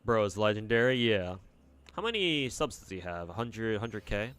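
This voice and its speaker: Blunt, rambling male streamer, lowish voice. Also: very animated, moderate pace, fairly bright tone, smooth. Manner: rambling, blunt, swears freely. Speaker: livestreamer. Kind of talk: casual commentary while playing and reading chat.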